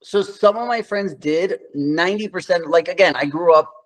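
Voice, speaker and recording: On a rough recording, a high-voiced man speaks at a moderate pace as a guest in a casual interview chat. An actor in his thirties from New York, he tells loose, slangy stories crowded with filler words, leaning constantly on "like."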